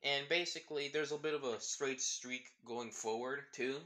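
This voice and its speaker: A man's voice: mid-range voice, fairly even intonation, moderate pace, bright, forceful tone. A man improvising a fan story aloud, rambling with many fillers and self-corrections.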